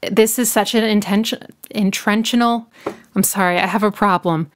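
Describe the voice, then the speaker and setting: A woman's voice: medium pitch, steady tone, normal speed, heavy background noise. A woman giving an enthusiastic, casual breakdown of a song, now and then singing short snippets and playing with words. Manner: enthusiastic, playful wordplay, sings snippets. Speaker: music analyst.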